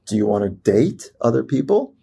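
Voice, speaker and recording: A man, a performance psychologist, telling a personal story as a podcast guest in an animated way, with fillers and restarts. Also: mid-range voice, normal speed, creaky, husky. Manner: animated storyteller who acts out quoted voices, many fillers and restarts.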